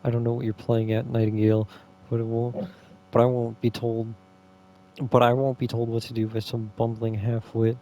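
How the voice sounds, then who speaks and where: A man's voice: medium pitch, completely flat delivery, normal speed, dark tone, a little hiss or hum, lightly acted. A man reading aloud the lines of a curt, hostile man who brushes off a neighbour in a game. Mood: dismissive.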